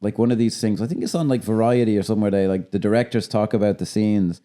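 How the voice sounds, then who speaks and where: A man co-hosts a film podcast in a warm, mellow voice. He rambles, cuts himself off and restarts, and slips into mock voices when he quotes people. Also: on the low side, quick pace. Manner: rambling, self-interrupting, laughs at own jokes; puts on voices when quoting others. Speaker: podcast co-host. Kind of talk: casual film review chat.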